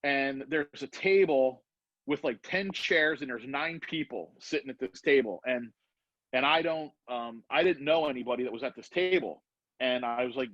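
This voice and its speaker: A middle-aged man, a former BMX rider, telling a profane, animated story as a podcast guest. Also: mid-range voice, no echo. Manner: profane, animated, acts out voices in anecdotes. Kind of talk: casual storytelling. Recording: dull lo-fi podcast audio.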